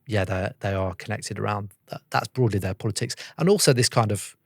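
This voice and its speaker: A low, gravelly man talks quickly as a podcast guest, animated and storytelling. The sound is dry and close, with no room around him. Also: dry recording. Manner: animated storytelling, acting out quoted voices. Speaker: guest, former soldier and journalist. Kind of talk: conversational podcast interview.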